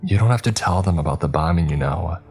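A man's voice: sits low, animated, fast, a little mellow, soft background music. A man voicing a cool, commanding female facility boss.

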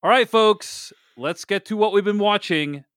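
A man's voice: high voice, a little slow, fairly bright tone, smooth, no room sound, studio quality. A man hosting a film podcast, reviewing movies in a wry, chatty way and answering his own questions. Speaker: podcast host. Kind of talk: casual film review chat.

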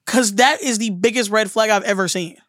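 A woman's voice: mid-range voice, no echo, clean studio sound. Giggly, swearing woman co-host. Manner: giggly, swears freely, fast and loose. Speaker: guest co-host. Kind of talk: casual chat.

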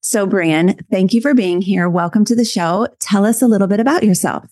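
A woman hosts a podcast in an eager, gushing voice at a mid pitch. The sound is dry and close to the mic. She warmly praises her guest and leads the questions. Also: brisk, dry recording. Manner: enthusiastic, gushing. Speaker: podcast host. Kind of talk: casual podcast interview.

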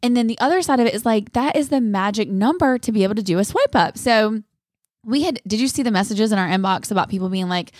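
A woman's voice: mid-range voice, expressive, quick pace, darkish tone, no room sound, studio quality. A woman, co-hosting a podcast in bubbly, dramatic casual chat and laughing often. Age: 30s. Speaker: podcast co-host.

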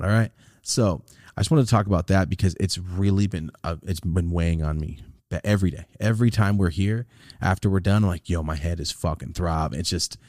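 On a dry, studio-grade recording, a low-pitched man hosts his podcast while getting over a sinus infection. He swears freely and chats casually, bringing his stories to life by performing other people's quotes.

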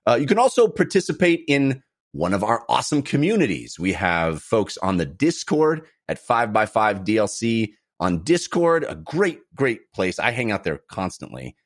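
A man's voice: on the low side, very animated, normal speed. Male podcast host, jokey and rambling, wide swooping intonation. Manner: jokey, rambling, warm segment reads. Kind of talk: casual podcast chat.

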